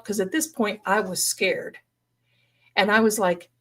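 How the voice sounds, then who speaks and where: A woman's voice: mid-range voice, steady tone, measured pace, pauses often, fairly bright tone. Dramatic folksy woman telling a story. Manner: dramatic, folksy, addresses viewers as darlings. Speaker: paranormal storyteller guest. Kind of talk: live-stream storytelling.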